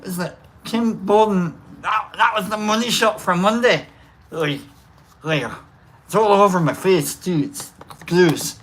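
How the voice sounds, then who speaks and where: A woman's voice: medium pitch, measured pace, fairly bright tone, a little hiss or hum. A woman hosting a casual livestream chat, swearing freely, rambling, and breaking into sung lines. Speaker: livestream host.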